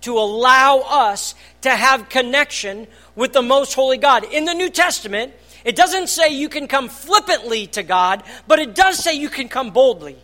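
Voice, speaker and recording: Earnest preacher swinging from hushed to loud. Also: sits high, expressive, normal speed, hardly any pauses. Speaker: pastor. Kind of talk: sermon. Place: church hall.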